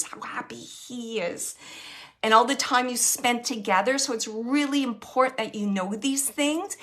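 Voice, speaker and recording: Woman medium, middle-aged, bright and slightly high voice, repeats messages gently. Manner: relays spirit messages, repeating phrases softly. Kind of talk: live online mediumship reading.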